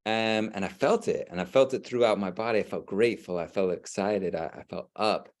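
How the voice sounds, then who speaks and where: Man, middle-aged, lowish voice, enthusiastic, restarts often, podcast co-host. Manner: energetic, enthusiastic, halting restarts. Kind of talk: casual chat.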